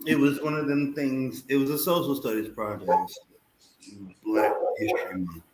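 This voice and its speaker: A man's voice: medium pitch, moderate pace, noisy background. A man in his forties telling stories on a casual podcast, with slang, swearing and lots of energy. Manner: animated, profane, street slang. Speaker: podcast co-host. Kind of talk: casual storytelling chat. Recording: echoey room.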